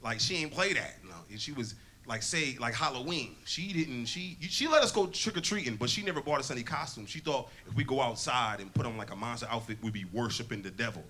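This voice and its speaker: A man's voice: medium pitch, animated, brisk, hardly any pauses, bright, forceful tone, a little hiss or hum. A man from Connecticut doing a stand-up set, telling stories in loose, profane slang. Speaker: stand-up comedian. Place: comedy club stage. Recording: live club crowd with laughter.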